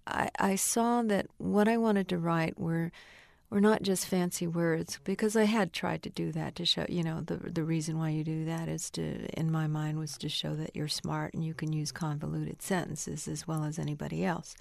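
An older woman author speaks in a low, gravelly voice, thoughtful and unhurried, searching for the right words. The sound is close and dry, with no room around her. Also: no room sound. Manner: thoughtful, searching for words, laughs now and then. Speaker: novelist interviewed about her work. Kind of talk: reflective interview answers.

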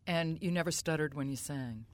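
A woman's voice: sits low, normal speed, dry recording. A woman interviewer asking short, attentive questions to prompt a guest's stories.

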